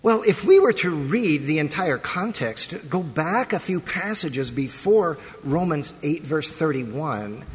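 A man's voice: fairly high pitch, lively intonation, slow pace, hardly any pauses. A man preaching a sermon as pastor, moving from liturgical prayer and scripture reading into a conversational talk. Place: church sanctuary. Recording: long reverb of a large hall.

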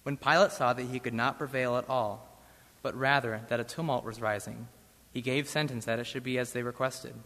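A man's voice: medium pitch, steady tone, pushed and bright. Man reading scripture in an echoing church. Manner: measured, solemn reading. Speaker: scripture reader. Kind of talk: liturgical Bible reading. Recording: long church reverb.

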